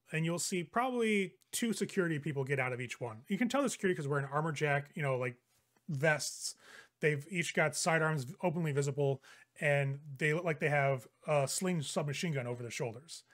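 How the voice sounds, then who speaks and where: A man running a tabletop role-playing game, narrating the scene in a loose, rambling way with fillers. His voice sits somewhat high for a man. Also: brisk, fairly bright tone. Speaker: game master.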